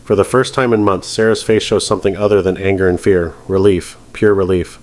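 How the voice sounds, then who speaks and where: A male narrator telling a dramatized story in a steady, dramatic delivery. His voice sits low. The narration is scripted and even-paced. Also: a little fast.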